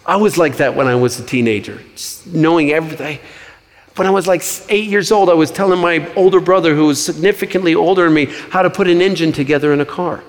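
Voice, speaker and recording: A man preaches in a loose, conversational way, jumping into stories and asides as he goes. His voice sits a little high, and a long reverb from the church hall trails behind each phrase. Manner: conversational, animated storytelling with quick asides. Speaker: pastor. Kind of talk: sermon.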